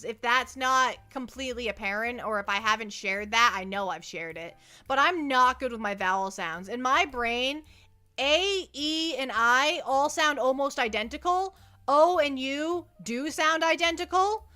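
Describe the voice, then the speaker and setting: A woman's voice: high voice, lively intonation, measured pace, sharp tone. A young woman chatting casually on a livestream, rambling and self-deprecating, often tripping over and repeating her words into a close desk mic. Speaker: VTuber streamer.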